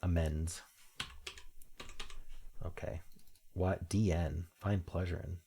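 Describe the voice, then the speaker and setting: A man's voice: low-pitched, steady tone, slow, mellow, slightly rough. A man thinking aloud while he solves a crossword, reading clues aloud and muttering half-sure guesses. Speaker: crossword-solving video host.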